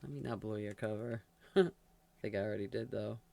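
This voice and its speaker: A woman giving a casual tarot reading, chatty and quick to laugh, talking straight to the sign she reads for. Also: very deep voice, gravelly, dark tone. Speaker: tarot reader.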